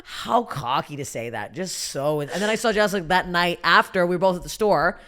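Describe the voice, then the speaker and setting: A woman with an unusually deep voice, a guest comedian telling profane, animated stories in a casual podcast chat. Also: normal speed.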